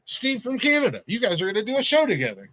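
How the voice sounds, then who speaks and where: Bright-voiced teasing man podcasting. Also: very high voice, wildly swooping pitch, quick pace, dry recording. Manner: teasing, laughs often. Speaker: podcast host. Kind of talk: casual banter.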